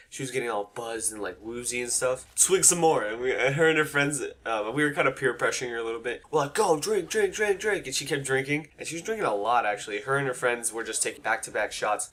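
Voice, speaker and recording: A man's voice: medium pitch, fairly bright tone. A young man telling a story to camera in casual, rambling talk, swearing often and acting out the quotes. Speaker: storytime vlogger.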